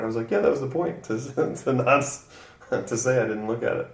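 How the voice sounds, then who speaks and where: A man's voice: medium pitch, fairly quick, gravelly, distant mic. A man from the Southern United States, a guest comedian in casual chat, easygoing and rambling, laughing often. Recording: roomy echo, from the mic.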